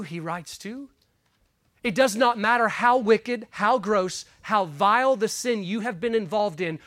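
A pastor preaching a sermon and reading scripture aloud, earnest and emphatic, dropping into quiet asides and guiding listeners through Bible passages. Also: mid-range voice, no room sound, studio quality. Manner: earnest, emphatic, shifts between loud stresses and quiet asides.

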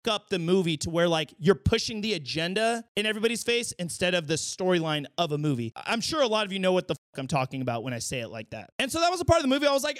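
A man giving a casual vlog movie review, slangy and animated, at times bursting into shouts. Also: high-pitched, fast talker, hardly any pauses, no echo, studio quality.

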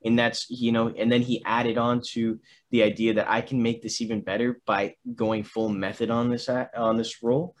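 A young man talks through a movie in a relaxed chat, his voice sitting at an ordinary middle pitch. He stumbles often, starting sentences over and trailing into fillers as he thinks aloud. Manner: halting, many restarts and fillers. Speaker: film discussion co-host. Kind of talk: casual chat.

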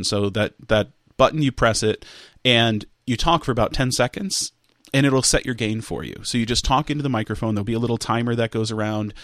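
An audio product specialist, appearing as a guest in an online interview, casually walks through audio equipment step by step with frequent fillers and restarts. His voice is on the low side. He uses headphones and a studio microphone over the call, giving a dry, clean studio sound.

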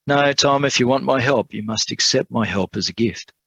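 A man voicing a kind, quiet male lawyer who speaks softly and patiently in a told sermon story. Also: mid-range voice, gravelly, slightly rough, no room sound, voice pushed up, poor audio. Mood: gentle, patient. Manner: soft-spoken, measured.

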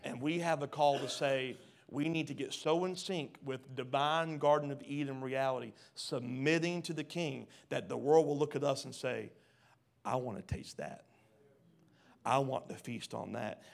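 Reading scripture and questioning those gathered, a pastor gives a sermon that swings from hushed to loud. His voice is mid-range with vocal fry, delivered at a moderate pace.

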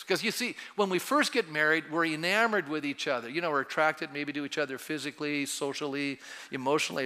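A man's voice: fairly high pitch, bright, forceful tone. A man in his sixties, a pastor preaching a sermon in a church sanctuary, chatting and joking with the congregation before building to fervent exhortation. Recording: reverberant church hall.

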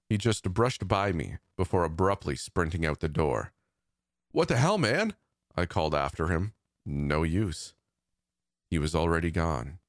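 A man narrating a first-person horror story in a steady, measured, tense reading. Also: deep voice, dry recording, studio quality.

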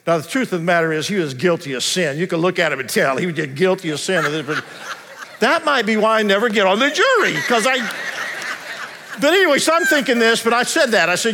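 A male pastor, preaching a sermon in a conversational, humorous storytelling manner that slows into earnest preaching. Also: sits high, expressive, background noise. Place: large church sanctuary. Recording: long reverb of a large hall.

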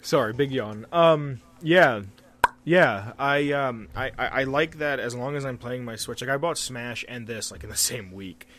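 A man's voice: medium pitch, moderate pace, few pauses, a bit bright. Blunt young man, casual swearing. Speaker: podcast co-host. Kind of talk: casual chat.

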